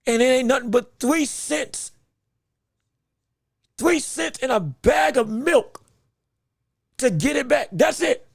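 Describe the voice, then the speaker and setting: High-pitched gravelly man ranting. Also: animated, slow, long pauses, dry recording, studio quality. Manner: exaggerated, playfully furious, laughing, stumbles over words. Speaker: podcast host. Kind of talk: animated sports rant.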